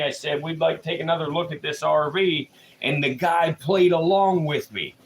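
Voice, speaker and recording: A man spins a rambling, profane yarn in casual livestream chat, laughing as he goes. His voice sits a little high. The room is echoey, with a faint steady noise underneath. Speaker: livestream host. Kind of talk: casual storytelling.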